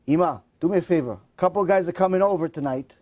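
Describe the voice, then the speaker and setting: A man's voice: high-pitched, quick pace, darkish tone, no room sound, natural voice. A man playing a pleading, embarrassed grown son. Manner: pleading, insistent.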